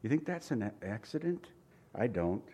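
A man preaching a sermon in a conversational way, asking the congregation rhetorical questions and reading scripture aloud slowly and with emphasis. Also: mid-range voice, big pitch swings, warm tone, breathy edge. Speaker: pastor.

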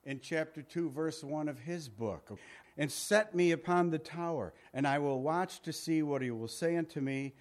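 A male pastor teaching a Bible passage in a conversational sermon, reading scripture aloud and paraphrasing it. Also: mid-range voice.

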